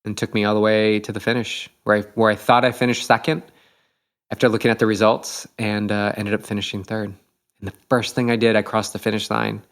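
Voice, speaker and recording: Lower-voiced man telling an eager race story. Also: little pitch movement, fairly quick, fairly bright tone. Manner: enthusiastic, reflective, many fillers. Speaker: podcast host, triathlete. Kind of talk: casual storytelling chat.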